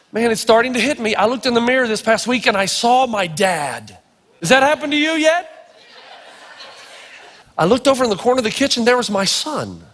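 A middle-aged man preaching a sermon, telling stories in short, punchy phrases with dramatic pauses. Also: very high-pitched, a bit bright. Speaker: pastor. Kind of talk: sermon with storytelling. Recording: long hall reverb.

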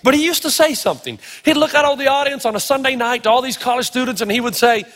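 A middle-aged man preaching a sermon, telling stories in short, punchy phrases with dramatic pauses. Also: very high-pitched, a bit bright. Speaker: pastor. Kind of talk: sermon with storytelling. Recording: long hall reverb.

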